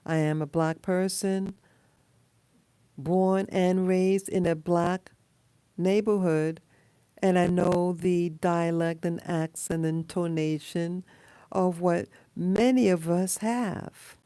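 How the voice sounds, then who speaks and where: A woman speaks in an unhurried, rambling monologue, low in pitch and mellow in tone. She trails off often, restarting phrases and filling gaps with ums and uhs. The sound is dry and close. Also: fairly even intonation, smooth, no room sound. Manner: rambling, halting with many fillers and restarts. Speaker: video blogger. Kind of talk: casual monologue to camera.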